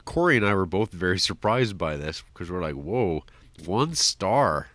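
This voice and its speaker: Deep-voiced man, dry close sound. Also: sing-song, normal speed, fairly bright tone, no echo. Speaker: podcast co-host. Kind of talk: casual film review chat.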